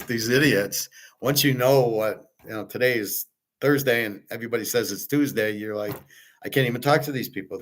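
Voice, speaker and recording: A man of ordinary pitch delivering an unscripted, profane rant to his viewers. He sounds exasperated and impatient, repeating and restarting words as he gets worked up. His talk is loose, blunt and conversational. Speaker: sports betting picks host. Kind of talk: unscripted ranting commentary.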